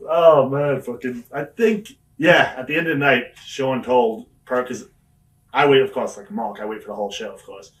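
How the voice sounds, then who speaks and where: A man's voice: mid-range voice, normal speed, fairly bright tone, recorded from a distance. A man telling wrestling stories in an interview, swearing often and laughing through his anecdotes. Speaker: wrestler guest. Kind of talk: storytelling shoot interview.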